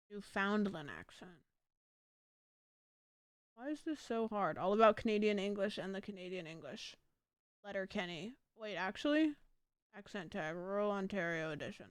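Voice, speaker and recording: A woman's voice: medium pitch, clean tone, no room sound, clean studio sound. A woman streaming a game live, chatting casually, rambling and curious with lots of fillers and questions. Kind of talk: casual live-stream chat while gaming.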